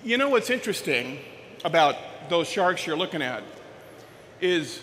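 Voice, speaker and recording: A man's voice: a little high, big pitch swings, a little slow, a bit bright, slight background noise. A man playing a proud pet store owner. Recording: reverberant hall, faint ambience.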